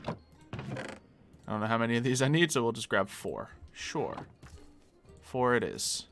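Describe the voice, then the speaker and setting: Gravelly, bright-voiced male streamer. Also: mid-range voice, lively intonation, unhurried, long pauses, soft background music. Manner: chatty, answering viewers between game tasks. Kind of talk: casual live-stream chat while gaming.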